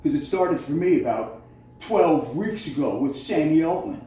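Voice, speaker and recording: Man, slightly higher pitch, mellow dark tone, angry profane rant, distant from phone mic in a very echoey room. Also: lively intonation, normal speed. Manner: heated, profane, accusatory ranting. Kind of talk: angry monologue to camera. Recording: very echoey room, voice far from mic, faint noise.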